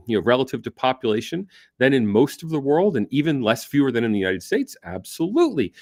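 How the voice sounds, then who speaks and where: Animated man hosting a jokey livestream. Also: mid-range voice, quick pace, few pauses, no echo, studio quality. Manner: jokey, self-mocking, chuckles often. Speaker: livestream host. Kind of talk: casual livestream talk.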